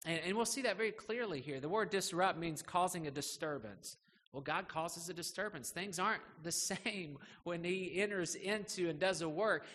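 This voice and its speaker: Bright-voiced pastor in a reverberant hall. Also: male voice, high-pitched, moderate pace, a little hiss or hum. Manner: conversational, self-deprecating storytelling with many fillers. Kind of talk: sermon. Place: church sanctuary. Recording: reverberant hall with faint background ambience.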